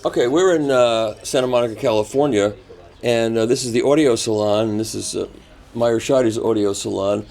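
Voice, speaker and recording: A man with an ordinary mid-range voice hosts a relaxed interview at an indoor hi-fi gathering. He speaks loosely and hesitantly, with plenty of fillers, and laughs easily along with his guest. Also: mid-range voice, moderate pace, gravelly. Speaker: host and interviewer. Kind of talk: casual on-site interview. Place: hi-fi salon event, indoors.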